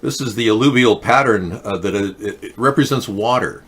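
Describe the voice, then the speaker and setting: A middle-aged man with a somewhat low voice, talking in a forceful, pressing tone. He hosts a talk show and rambles through a mock-earnest monologue, keeping a deadpan manner throughout. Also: moderate pace, husky.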